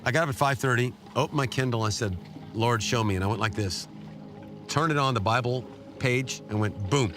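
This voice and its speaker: A middle-aged man giving an earnest, emotional personal testimony as an interview guest, his pitch jumping up when he is moved. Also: a little fast, music in the background. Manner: emotional, earnest storytelling with sudden rises in pitch. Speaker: guest telling a war story.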